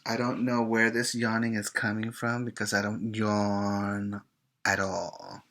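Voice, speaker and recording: A man teaching preschoolers in an online class, chanting and singing in a slow, encouraging sing-song. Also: on the low side, completely flat delivery, a bit bright. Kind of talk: sing-song classroom lesson for small children. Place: home or classroom, recording for virtual class.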